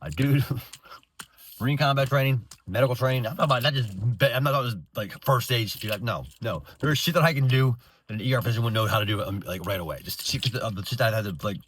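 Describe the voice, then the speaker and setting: A man's voice: medium pitch, fast talker, fairly bright tone, a little hiss or hum. A man in his thirties ranting bitterly in a profane, rambling way with many restarts. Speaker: veteran vlogger. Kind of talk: angry unscripted rant.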